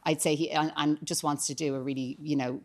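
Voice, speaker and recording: Chatty Irish woman with a lower voice. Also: steady tone, darkish tone. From Ireland. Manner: chatty, fast, with many fillers like "like" and "you know". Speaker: actor guest. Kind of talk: casual TV interview chat. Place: TV studio.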